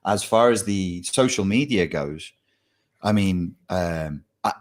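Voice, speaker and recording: A man who writes and coaches, talking in a halting way with frequent restarts in a casual conversation. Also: low-pitched, animated. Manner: halting, restarts words often. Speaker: author and trauma coach.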